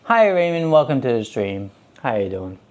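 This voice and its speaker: A man's voice: medium pitch, very animated, normal speed. Chatty man cooking live at home. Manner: rambling, chatty, talks to chat and a cat. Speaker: cooking streamer. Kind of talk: casual live-stream cooking chat. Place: home kitchen.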